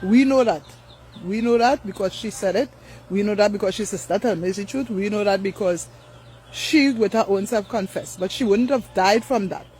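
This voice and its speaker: A woman's voice: medium pitch, normal speed, darkish tone, a little hiss or hum, poor audio. Angry woman ranting live. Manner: blunt and profane, heated and repetitive. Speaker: live streamer. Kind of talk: angry live-stream rant.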